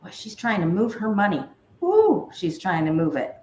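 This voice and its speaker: A woman guest on a casual tarot reading chat, talking in a relaxed, conversational way. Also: mid-range voice, normal speed. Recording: echoey room with faint noise.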